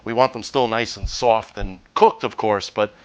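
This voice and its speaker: A man hosting a home cooking demonstration, talking through each step in a relaxed, jokey way with the odd pun. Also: on the low side, normal speed, lo-fi sound. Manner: relaxed, jokey, cracks puns. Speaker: cooking show host.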